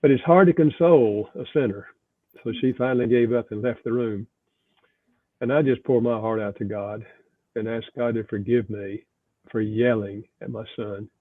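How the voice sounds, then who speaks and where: A man's voice: mid-range voice, moderate pace, no echo. Older man on a tinny phone line. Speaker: author and pastor guest. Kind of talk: reflective storytelling interview.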